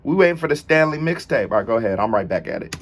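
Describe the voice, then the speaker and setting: A man hosting a casual reaction video, talking in an animated, joking and playful way. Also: mid-range voice, rapid-fire. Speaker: host reacting to a music video.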